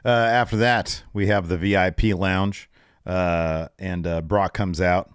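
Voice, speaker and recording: Speaking a little slowly in a clean tone, this podcast co-host recaps a wrestling show in a casual, animated way, raising his pitch to act out the quotes. The audio is studio quality and echo-free.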